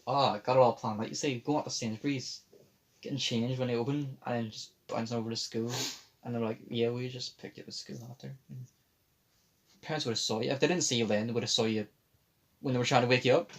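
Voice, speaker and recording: Young man, casual podcast storytelling, swears constantly, faint hiss behind. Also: medium pitch. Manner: rambling, swears a lot, mimics others in quotes. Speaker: podcast host. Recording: faint background noise.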